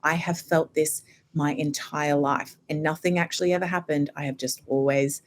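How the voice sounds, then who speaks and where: Podcast guest, woman, low voice, rambling anecdotal delivery. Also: moderate pace. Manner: animated storytelling, many fillers like "you know". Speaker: homeopath guest. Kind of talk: casual podcast conversation.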